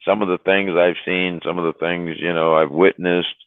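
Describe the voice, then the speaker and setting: Low-pitched and flat yet clear and resonant, this trucker speaks at a moderate pace with no echo on a dry, tinny phone-like line. His casual livestream stories ramble profanely, peppered with "you know" and "right?".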